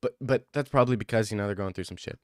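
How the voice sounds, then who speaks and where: A man's voice: lowish voice, very fast, a little mellow, no room sound, clean studio sound. A young man chatting casually on a livestream, rambling and joking with slang. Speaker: streamer.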